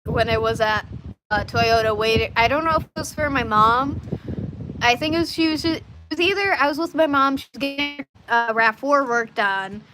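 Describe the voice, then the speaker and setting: A woman's voice: fairly high pitch, moderate pace, over music. A woman chatting casually to her live audience, rambling through stories with frequent restarts and asides. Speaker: livestreamer.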